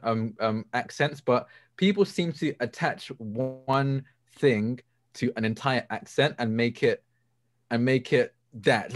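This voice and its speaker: A British man speaks on a discussion panel with blunt, animated energy. He often restarts his sentences. His voice sits in a middle register. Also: medium pitch. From Britain.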